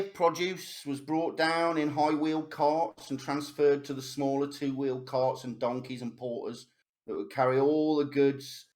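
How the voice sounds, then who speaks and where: A man running a tabletop game as game master, reading a long lore passage aloud with frequent restarts and fillers. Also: medium pitch. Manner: halting, reads lore aloud with many restarts.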